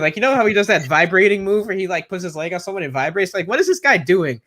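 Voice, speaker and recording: A man with a notably high voice rants about wrestling in a loose, animated way. He keeps stacking up "like" and "bro" as he gets worked up. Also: fast talker. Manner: animated ranting, says "bro" and "like" often. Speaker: wrestling show co-host. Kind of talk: casual podcast chat.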